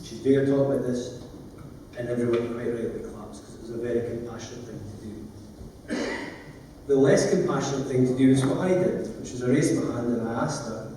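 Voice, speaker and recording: A man's voice: mid-range voice, a little fast, dark tone, slight background noise. A man, a lawyer, telling stories in an earnest, emotional, plain-spoken conference talk. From Scotland. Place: large conference hall. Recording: echoey hall from far off.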